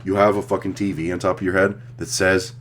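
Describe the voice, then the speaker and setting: A man's voice: low-pitched, level tone, fast talker, a little hiss or hum. A young man giving crude, sarcastic reaction commentary on a clip, rambling and joking.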